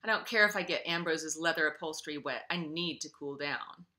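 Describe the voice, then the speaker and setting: A woman author reading her own novel aloud in an expressive way, then speaking casually to her listeners. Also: low-pitched, a little fast.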